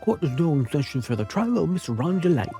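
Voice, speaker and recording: A fussy older judge, read by a man, opens court in a formal, slightly flustered way. The voice is gravelly and plain. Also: a little high, sing-song, fast talker, mellow, soft background music, pitched above the performer's own voice.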